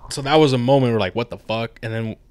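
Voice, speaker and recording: A man co-hosting a podcast, chatting casually about a film. He retells scene after scene with plenty of swearing and quoted reactions. His voice sits at a middle pitch and sounds dry and close. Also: fast talker, darkish tone, clear, resonant tone, no room sound. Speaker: podcast co-host. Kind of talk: casual chat, movie review.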